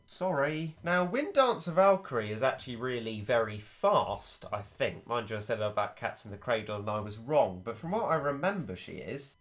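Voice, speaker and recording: A man's voice: mid-range voice, a bit bright. A man giving gameplay commentary, thinking aloud in a chatty way and breaking into playful exclamations. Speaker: video game commentator.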